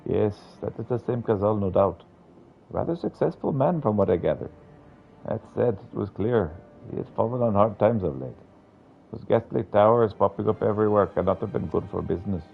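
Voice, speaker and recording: A man voicing a calm, polite female barmaid in a game, reading her lines in a measured way. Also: fairly low pitch, gravelly, narrow, tinny audio, soft background music.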